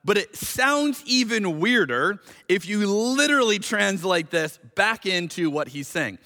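A man preaching with a high, ringing voice, chatty and animated, then slowing down to read scripture with weight. His voice carries a long reverb, as if he is in a church hall. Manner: conversational, animated, reads scripture slowly and emphatically. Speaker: pastor. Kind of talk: sermon.

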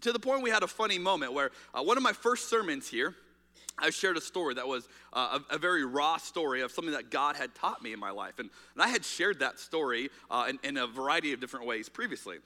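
A man's voice: on the high side, lively intonation, quick pace, bright, forceful tone. A man preaching a sermon as pastor, speaking in a candid, conversational way with fillers and restarts. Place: church auditorium. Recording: reverberant hall.

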